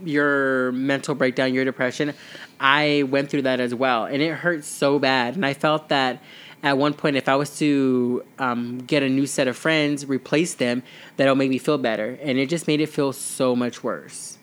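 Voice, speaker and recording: A man's voice: mid-range voice, steady tone, moderate pace, a bit bright, clear, resonant tone. Earnest young man in rambling casual chat. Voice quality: earnest, rambling, heavy use of fillers. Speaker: podcast co-host.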